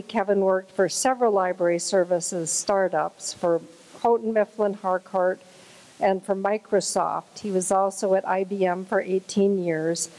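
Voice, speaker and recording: A woman's voice: medium pitch, dark tone, poor audio. A woman hosting at a conference, reading a speaker's introduction in a light, chatty way. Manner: light, chatty, laughs at own jokes. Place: conference hall.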